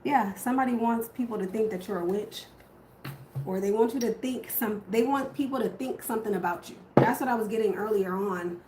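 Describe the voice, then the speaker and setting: A woman's voice: mid-range voice, brisk, dark tone, echoey room, a little hiss or hum, rough recording. A woman giving a casual tarot reading to camera, swearing freely and correcting herself as she goes. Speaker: tarot reader.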